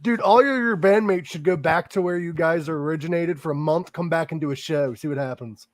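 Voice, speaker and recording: A man hosts a casual podcast, his voice a little on the high side and recorded dry and close. He asks questions and teases his guest with jokes. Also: dry recording. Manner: joking, quick questions. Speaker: podcast host. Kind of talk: casual chat.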